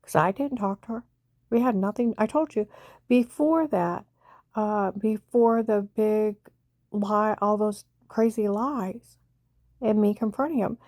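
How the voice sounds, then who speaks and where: Rambling woman with a dark, mellow voice. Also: mid-range voice, a little slow, no room sound. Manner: rambling, repeats "I said" while retelling conversations. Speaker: vlogger telling a personal story. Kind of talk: rambling personal monologue.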